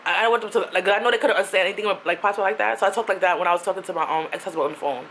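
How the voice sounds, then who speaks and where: A young woman vlogger from Queens, New York City, tells a rambling storytime packed with asides. She talks very fast in a medium-pitched, fairly bright voice, with slight background noise.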